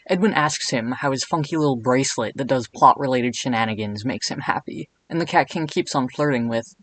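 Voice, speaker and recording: A man narrating a comedic video essay in an irreverent, jokey way with deadpan asides. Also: medium pitch, fairly quick, few pauses, poor audio.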